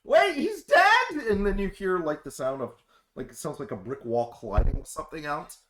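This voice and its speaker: A man's voice: on the high side, lively intonation, a little fast. A man running a tabletop role-playing game as game master, narrating and voicing characters on phone calls.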